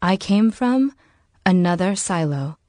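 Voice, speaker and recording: Woman voicing a calm, steady mechanic. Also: lowish voice, slow, no echo, studio quality. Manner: calm, gentle, reassuring. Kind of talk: audiobook character voice.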